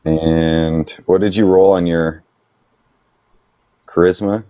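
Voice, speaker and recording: A man narrating a tabletop game as game master in a relaxed, chatty way with fillers. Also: sits low, slow, no echo, muffled recording.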